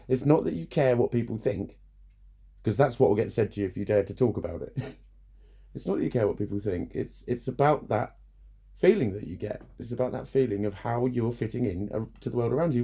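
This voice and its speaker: Man, blunt and sweary vlog rant, mellow mid-pitched voice. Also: animated, a little fast, slightly rough. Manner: blunt, sweary, frequent laughs. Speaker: vlogger. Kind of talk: casual rant to camera.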